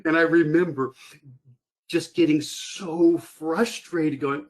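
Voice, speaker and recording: A male teacher tells a story from his own classroom, his voice a little husky and pitched somewhat high. He talks in an animated, personal way and acts out his past thoughts and reactions as he goes. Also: a little slow. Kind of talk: storytelling presentation.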